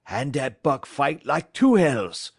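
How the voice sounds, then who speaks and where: A man voicing an excitable, rough French-Canadian dog driver who shouts in broken English. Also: mid-range voice, slow pace, no room sound, studio quality, voice pushed up, heavily acted. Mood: boastful. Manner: loud broken-English exclamations.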